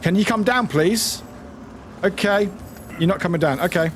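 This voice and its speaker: A British streamer who talks through a game live, exclaiming and repeating lines. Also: male voice, sits high, normal speed. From United Kingdom. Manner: excitable, exclaiming and repeating itself. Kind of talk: live gameplay commentary. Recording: noisy stream audio.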